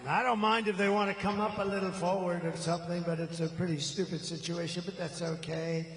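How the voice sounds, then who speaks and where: A man's voice: sits high, flat delivery, brisk, in a large hall, a faint crowd, slight background noise, rough recording. Older man rambling at a rally. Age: 70s. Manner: rambling, off-the-cuff, boastful. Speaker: political candidate. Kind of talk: campaign rally speech. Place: large rally venue. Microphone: stage microphone.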